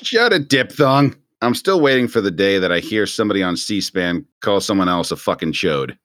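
A man's voice: sits low, fairly quick, fairly bright tone, dry recording, clean studio sound. A man co-hosting a podcast, laughing often and trading crude jokes in casual banter. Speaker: podcast co-host.

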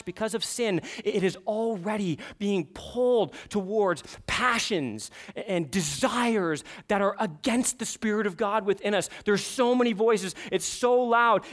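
A male pastor preaching a sermon in a church, earnest and repeating his questions for emphasis. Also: high voice.

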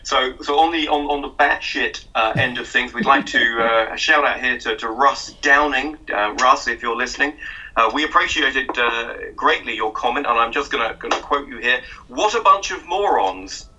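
A man with a non-American English accent co-hosting a podcast, halting and stammering, with wry humor as he reads out listener comments. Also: medium pitch, steady tone, bright, forceful tone. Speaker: editor-in-chief and podcast co-host. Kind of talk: casual podcast chat. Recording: distant, dull lo-fi mic.

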